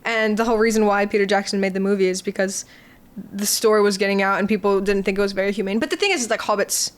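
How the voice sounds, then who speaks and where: A woman's voice: mid-range voice, fast talker, smooth. A young woman from New Zealand with a Kiwi accent, a guest musician chatting casually, joking and swearing freely. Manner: joking, deadpan tall tales, swears freely. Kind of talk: casual chat.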